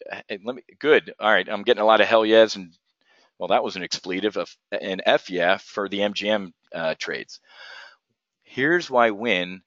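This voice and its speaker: A man teaching options trading on a live webinar, energetic and profane, firing rhetorical questions at his viewers. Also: medium pitch, dry recording, dull audio.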